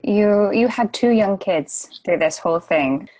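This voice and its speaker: A woman interviewing a guest, asking gentle, sympathetic questions. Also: medium pitch, expressive, a little slow.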